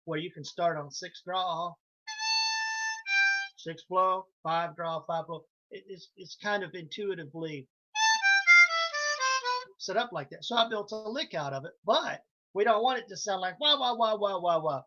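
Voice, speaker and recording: This harmonica teacher's high voice has a sharp edge, and he speaks at a measured pace with long pauses. Over a video call with dull audio and faint background music, he runs a live online lesson, breaking down licks step by step in a relaxed way and counting the band in.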